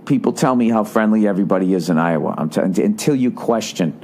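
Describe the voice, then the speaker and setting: A man hosting a podcast, telling a rambling comic story with animated, profane ranting. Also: fairly low pitch, quick pace, slight background noise. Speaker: podcast host.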